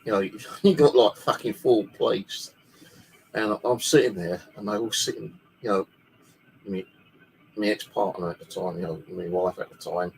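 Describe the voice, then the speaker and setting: A man with a lowish voice tells a story in a loose, rambling way. He swears freely as he talks. There is a faint hiss behind him in his bedroom. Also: normal speed, gravelly, a little mellow, poor audio. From United Kingdom. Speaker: paranormal channel host. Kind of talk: casual storytelling.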